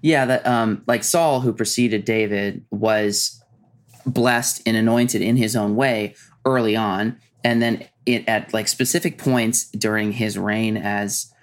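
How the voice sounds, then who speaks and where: A man in casual conversation, speaking hesitantly with frequent pauses and restarts. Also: on the low side, fairly even intonation. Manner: hesitant, many fillers and restarts. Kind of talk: casual chat.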